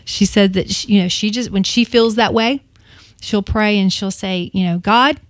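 A woman's voice: mid-range voice, fairly even intonation, moderate pace, no echo. A woman co-hosting a morning radio show in a studio, talking eagerly in casual chat with lots of restarts. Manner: eager, chatty, full of restarts and "you know".

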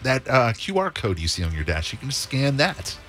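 A man's voice: medium pitch, sing-song, normal speed, fairly bright tone. A man co-hosting a radio fundraiser, making an upbeat, persuasive appeal to listeners. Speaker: radio host.

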